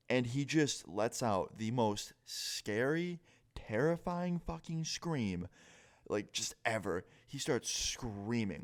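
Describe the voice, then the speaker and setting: Brief: young male vlogger, lowish voice, laid-back storytime delivery full of swearing. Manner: casual, heavy swearing, lots of "like". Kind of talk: storytime monologue.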